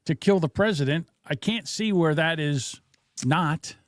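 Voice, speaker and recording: A man's voice: a little high, measured pace, no room sound, studio quality. A man co-hosting a casual podcast, talking loosely, swearing and tripping over words. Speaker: podcast co-host. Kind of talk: casual rant chat.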